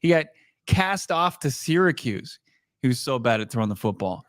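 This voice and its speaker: A man's voice: mid-range voice, very animated, moderate pace, a bit bright, clear, resonant tone, no room sound, studio quality. Joking male sports podcast co-host. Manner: joking, teasing, laughs often. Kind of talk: casual sports podcast chat.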